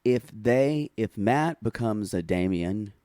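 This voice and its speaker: A man co-hosting a podcast, casually chatting and recapping a reality show with animated, dramatic storytelling. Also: on the low side, slow, no echo, studio quality. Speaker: podcast co-host.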